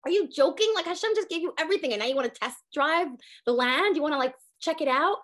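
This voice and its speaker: A woman in her thirties with a high, quick voice gives a casual Torah lesson. She talks fast and with energy, acting out exasperated little prayers mid-sentence. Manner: animated, acts out exasperated prayers. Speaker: Torah teacher. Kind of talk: casual online class.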